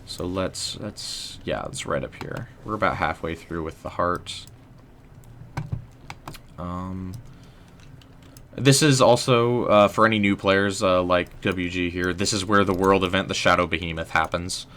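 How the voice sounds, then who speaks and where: A man's voice: low voice, a little slow, a bit bright, slight background noise. A young man casually commenting on his gameplay, chatting with viewers and joking at his own expense. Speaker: livestreamer and writer.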